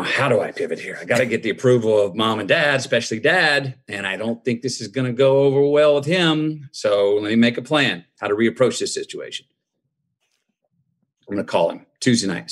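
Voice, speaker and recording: A man in his fifties with a fairly low, slightly rough voice is a guest sharing a personal story. His storytelling is conversational, folksy and reflective, and he acts out the quoted dialogue.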